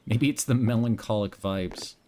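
A young man with a lowish voice streams a game from home and talks to his chat in a loose, rambling way. He hops between stray thoughts while he plays. A faint hiss sits under the recording. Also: a little mellow. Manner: rambling, offhand, drifts between tangents.

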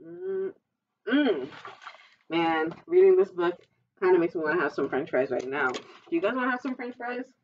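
A woman's voice: lowish voice, fairly quick, far from the mic, highs cut off, slight background noise. A woman librarian reading a picture book aloud at storytime, adding chatty asides to the children.

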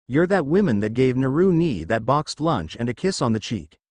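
An excitable young sister who blurts out what she saw, read by a man. The voice jumps around in pitch. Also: normal speed, no room sound. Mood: accusing. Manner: exclaiming.

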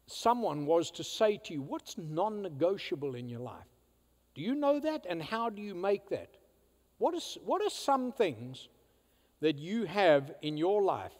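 High, lively-voiced preacher in a reverberant church. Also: male voice, measured pace. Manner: emphatic, swinging from loud declarations to hushed asides. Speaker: pastor. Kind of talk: sermon. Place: church sanctuary.

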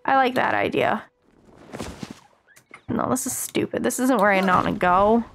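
An American woman streaming a game, chatting excitedly with her viewers as she plays. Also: fairly high pitch, measured pace, creaky, slight background noise. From United States. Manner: chatty, excitable, talks to chat while playing. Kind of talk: casual live-stream chat while gaming.

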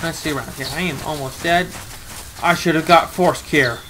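A young man giving let's-play commentary, excitable, with melodramatic outbursts and mild swearing. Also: a little high, normal speed, slight background noise. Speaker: gamer. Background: game music.

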